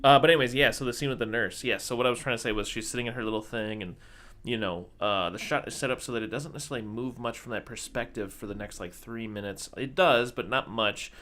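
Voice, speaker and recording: A man co-hosting a podcast, talking casually and excitedly about a movie, with lots of fillers as he describes scenes. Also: medium pitch, fast. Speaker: podcast co-host.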